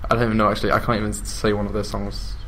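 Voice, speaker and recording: A man's voice: on the low side, level tone, racing, a bit bright, slight background noise. A young man chatting casually as a guest, a little shy. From England. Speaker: interviewee. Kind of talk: casual chat.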